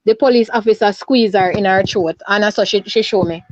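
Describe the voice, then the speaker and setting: A Jamaican woman phones in for an interview, distressed, going over what happened urgently and repeating herself. Her medium-pitched voice is brisk and somewhat dark, carried over a dull, lo-fi phone line with no room sound.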